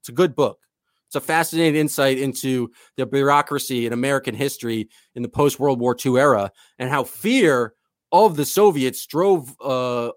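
A man's voice: medium pitch, no echo, studio quality. A man co-hosting a sports podcast in casual chat, rambling enthusiastically and calling himself the eccentric goofball. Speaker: podcast co-host.

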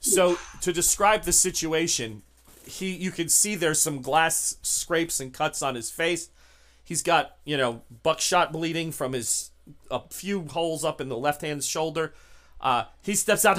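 A man running a tabletop horror game as game master, narrating scenes in halting bursts with many fillers. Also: on the high side, a bit bright. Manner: halting, many restarts and fillers while describing.

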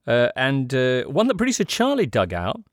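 A man's voice: medium pitch, huge pitch swings, moderate pace, no room sound, studio quality. A man hosting a casual football podcast and quizzing his co-hosts. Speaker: podcast host.

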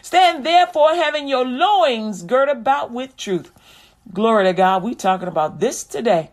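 Animated, high-voiced woman preacher. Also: moderate pace. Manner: animated, conversational preaching with scripture recitation. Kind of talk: sermon.

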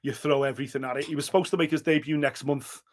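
A man co-hosting a podcast in casual sports chat, animated and swearing freely, often acting out what other people said. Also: fairly high pitch, quick pace. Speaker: podcast co-host.

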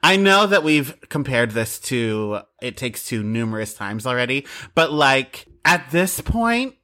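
Guy cohosting a movie podcast, super animated pitch, bright tense voice, jokey. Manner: animated, joking, quick asides. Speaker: podcast co-host. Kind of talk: casual chat about a film.

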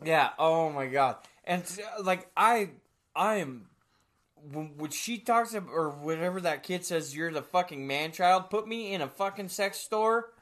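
A man in casual comedic chat, crude and profane, laughing often and breaking into loud bits. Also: high voice, lively intonation, a little slow.

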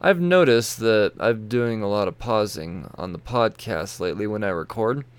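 With toy shelves at his back in a room at home, a weary man yawns his way through a solo comic book podcast, going over the latest releases. He speaks at a moderate pace in a fairly low, smooth voice with lively intonation. His talk is loose and profane, full of tangents and self-interruptions.

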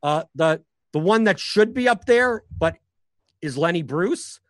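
A stand-up comic who also plays poker professionally tells stories in a casual podcast conversation. He rambles with lots of restarts and fillers. His high-pitched voice is expressive and unhurried, and the recording is dry.

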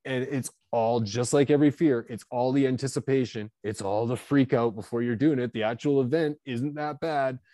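A man in his fifties with a warm, mellow voice tells stories from his own life, animated and confessional, full of fillers and quick restarts. The sound is dry and close, with no room echo. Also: mid-range voice. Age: 50s. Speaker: guest author. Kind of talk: candid storytelling.

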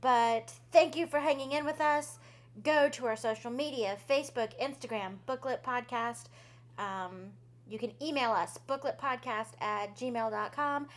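A young woman co-hosting a book podcast, joking, swearing freely and reacting quickly. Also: a little high. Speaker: podcast co-host. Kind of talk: casual book podcast chat.

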